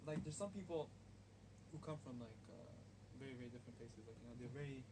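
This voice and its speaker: A man's voice: mid-range voice, lively intonation, quick pace. A man chatting as a guest on a radio talk show, rambling loosely with lots of fillers, recorded in a studio. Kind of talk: casual chat. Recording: distant mic with clear background noise.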